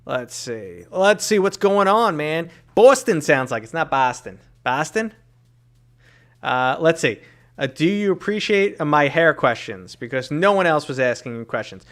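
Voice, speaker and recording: A New York City man in his thirties, with a New York accent, hosts a casual podcast and stream, teasing his guest and reading chat comments aloud. His voice is fairly high and fairly bright, very animated yet unhurried.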